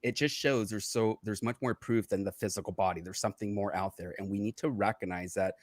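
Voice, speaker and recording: A man speaks as a podcast guest, explaining at a calm, unhurried pace. He leans on fillers as he talks things through. His voice sits a bit low, recorded dry and close. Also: dry recording. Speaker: psychic medium guest. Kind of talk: casual explanatory chat.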